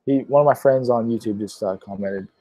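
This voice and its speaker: A man of about nineteen answering viewer questions on a casual livestream, rambling and filling pauses with lots of "uh"s. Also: mid-range voice, dark tone, no room sound. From Pittsburgh, Pennsylvania. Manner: rambling, filler-heavy, many "uh"s.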